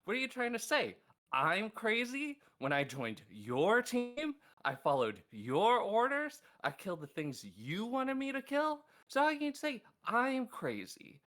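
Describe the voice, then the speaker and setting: A man's voice: extremely high pitch, huge pitch swings, measured pace, fairly bright tone. A man giving a comedic recap as a rambling, frustrated, self-pitying monologue.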